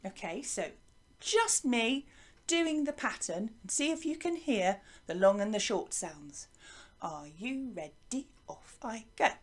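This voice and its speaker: A woman teaching a lively music lesson to young children, encouraging them and chanting rhythms for them to copy. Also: a little high, unhurried. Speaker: primary school music teacher.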